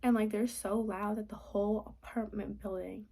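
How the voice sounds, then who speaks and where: A woman's voice: medium pitch, steady tone, moderate pace, creaky, warm tone. A young woman venting casually in a late-night vlog from her apartment, rambling with lots of "like" and sometimes dropping to a whisper. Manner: rambling, frequent "like", drops to whispers. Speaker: vlogger.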